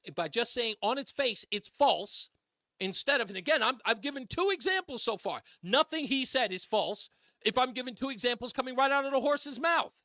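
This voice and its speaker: A man's voice: very high-pitched, animated, fairly quick, sharp tone, no echo, studio quality. A male radio talk show host on a political call-in show, emphatic and repeating phrases for effect. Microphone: studio microphone.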